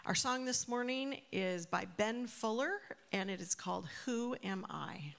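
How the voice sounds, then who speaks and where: A woman reading scripture aloud in a measured, even way and then announcing the next song. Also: a little high, gravelly, slight background noise. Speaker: scripture reader.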